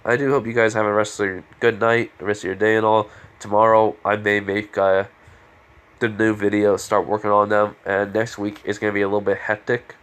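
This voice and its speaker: A man's voice: lowish voice, little pitch movement, brisk, a bit bright, smooth. Rambling stuffy-nosed young man. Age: late teens. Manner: rambling, many fillers. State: stuffy nose. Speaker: fan-fiction storyteller. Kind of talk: casual fan-fiction narration.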